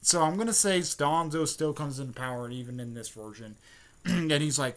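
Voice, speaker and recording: A man's voice: on the high side, normal speed. Rambling man retelling a fan story. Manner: rambling, full of fillers and throat-clearing.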